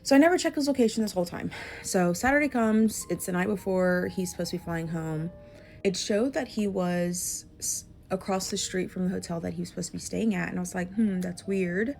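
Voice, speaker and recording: A woman's voice: fairly low pitch, a little fast, vocal fry, darkish tone, a little hiss or hum. A woman telling a casual storytime, chatty and full of fillers and quoted dialogue.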